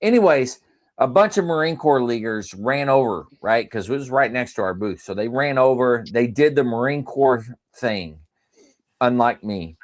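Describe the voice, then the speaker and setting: Brief: male podcast host, middle pitch, a storyteller with a lot of swing in his voice who laughs often. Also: animated, moderate pace. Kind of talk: casual chat and storytelling.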